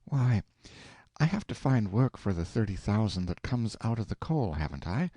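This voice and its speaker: A man's voice: lowish voice, big pitch swings, normal speed, warm tone, no echo, studio quality, voice pushed up. A man voicing a prim, prudent middle-aged wife in an audiobook, reproving and careful with money. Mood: calm. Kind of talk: audiobook character voice.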